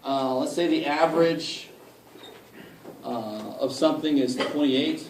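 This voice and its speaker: A man's voice: on the high side, takes it slowly, darkish tone, distant mic, a little hiss or hum. A man teaching a college math class in a loose, joking way, with mild swearing and frequent calls for the class to help him out. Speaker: math instructor. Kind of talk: casual classroom lecture. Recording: echoey room picked up from afar.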